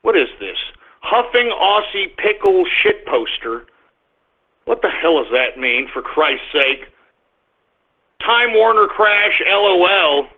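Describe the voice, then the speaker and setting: A man hosting an internet radio stream, reading out listener shout-outs and often exploding into crude, shouting rants. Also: sits high, big pitch swings, slow pace. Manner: crude, belligerent, prone to shouting outbursts. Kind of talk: live streamed radio rant. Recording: tinny phone-like audio.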